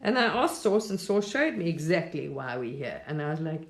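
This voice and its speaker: A woman's voice: low-pitched, very animated, moderate pace, reverberant. Rambling, laughing middle-aged Englishwoman. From England. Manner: rambling, laughs often, reflective. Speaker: TikTok live streamer. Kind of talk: casual spiritual talk on a live stream.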